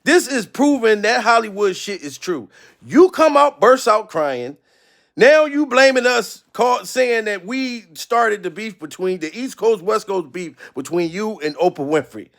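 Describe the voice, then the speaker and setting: Male comedic commentary host, high gravelly voice, loud exasperated profane rants. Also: expressive, unhurried. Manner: loud, profane, exasperated ranting, often shouting.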